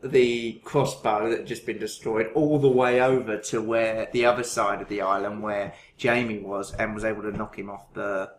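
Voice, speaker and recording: A man's voice: fairly low pitch, little pitch movement, normal speed, hardly any pauses, a little hiss or hum. A man co-hosting a podcast, chatting casually and rambling, correcting himself as he goes. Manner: rambling, self-correcting, laughs while telling. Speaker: podcast co-host. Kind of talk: casual chat.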